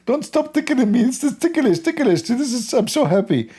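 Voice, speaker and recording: A man voicing a giddy, ticklish male god who squeals with delight in a high, breathless voice. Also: very animated, normal speed, mellow, husky, heavily acted.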